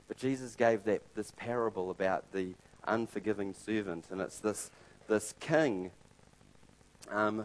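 Low-voiced preacher telling a story. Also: male voice, low-quality recording. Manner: conversational preaching, swinging from loud storytelling to quiet emphasis. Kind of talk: sermon.

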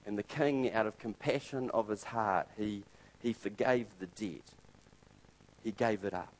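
A man preaching a sermon in a conversational way, retelling a parable with loud, lively stretches and quiet, soft points of emphasis. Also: lowish voice, measured pace, rough recording.

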